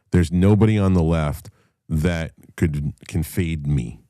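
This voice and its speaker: A man's voice: low-pitched, mellow, no echo, studio quality. A man hosting his own talk show, telling a story in a heated, profane manner. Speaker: podcast host. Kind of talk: casual talk-show monologue.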